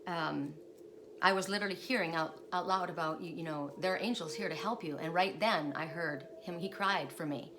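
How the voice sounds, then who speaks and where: A woman with a lowish voice talks briskly while reading oracle cards, her casual spiritual chat rambling along with frequent restarts. The home recording is noisy.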